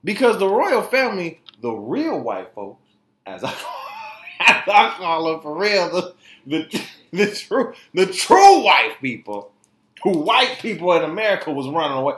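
A man with a high-sitting voice speaks unhurriedly as a podcast host riffing on celebrity news. He's animated and joking, laughs often, and uses a lot of slang, recorded in an echoey room.

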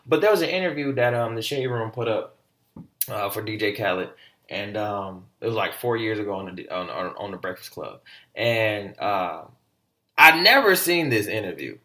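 A man hosting a casual solo podcast, talking in an animated, slangy way with plenty of swearing. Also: lowish voice, moderate pace. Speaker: podcast host.

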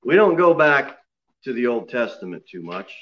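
A man's voice: mid-range voice, very animated, moderate pace, highs cut off. A male pastor preaching a sermon to his church, joking and self-deprecating, often repeating himself. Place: church sanctuary.

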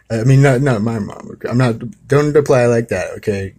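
A man hosting his own talk spins a made-up story in a casual storytelling monologue, rambling conversationally and full of asides. His voice is mid-range, dark in tone, and husky.

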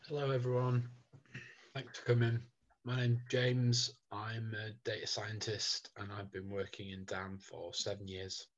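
A man presenting on a webinar as a data scientist, explaining things in a measured way, heard over a dull, lo-fi video call line. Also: on the low side, flat delivery.

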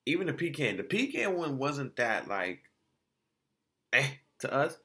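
A man casually reviewing food spots in a vlog, telling it as an animated, slangy story full of restarts and quoted exchanges. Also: medium pitch, a little slow.

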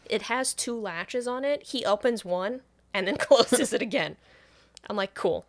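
A woman on a podcast, speaking unhurriedly in a slightly high voice, retells a movie's storyline conversationally. She swears liberally and brings the recap to life by quoting the characters.

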